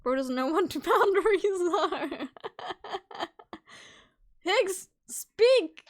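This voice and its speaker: Young woman streamer, high voice, talks slow, teasing n swearing, faint music behind. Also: animated. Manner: teasing, playful, swearing freely. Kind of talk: casual live-stream chat.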